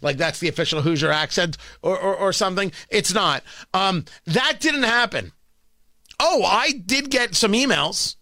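A New York-accented man hosts morning talk radio, rambling through a sarcastic, combative rant in a high, bouncing, expressive voice at a moderate pace. The sound is bright, dry and close-miked, with no room sound.

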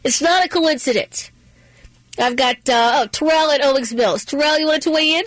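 A woman hosts a political talk radio show and speaks with emphatic, punchy repetition. Her voice sits on the higher side. It is recorded dry and close on a studio microphone. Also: moderate pace, fairly bright tone, no echo, low-quality recording. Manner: emphatic, repeats phrases for punch.

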